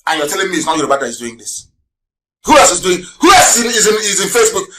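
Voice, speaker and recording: A man with a high, bright, forceful voice delivers a live radio broadcast as a heated rant. He hammers listeners with rhetorical questions, scorns his opponents, and swings suddenly into shouting. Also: sing-song, racing. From Nigeria. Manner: scornful, mocking. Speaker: broadcast host.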